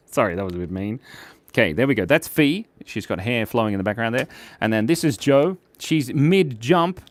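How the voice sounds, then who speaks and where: A man's voice: mid-range voice, expressive, normal speed, pauses often, no echo. A man hosting a live drawing stream in a playful, chatty, jokey way. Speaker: host and illustrator.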